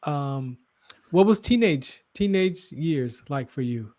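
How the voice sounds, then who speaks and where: A man's voice: a little high, expressive, slow pace, dark tone, no room sound. A man hosting a casual interview, asking friendly questions and adding brief encouraging replies. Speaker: host.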